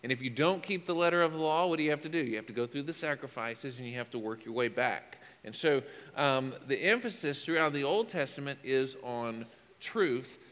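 A man's voice: mid-range voice, brisk, a bit bright, long reverb tail. A male pastor preaching a conversational sermon with emphatic bursts.

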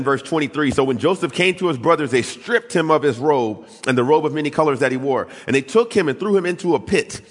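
A man preaching a sermon, telling his story and acting out quoted voices with big swings in pitch. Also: big-room sound. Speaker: pastor.

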